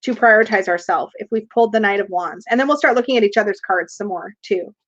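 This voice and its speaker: A woman's voice: mid-range voice, fast, fairly bright tone. A woman hosting a casual tarot livestream, chatty, reading viewer comments aloud and laughing often. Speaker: tarot reader and livestream host. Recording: dull lo-fi livestream audio.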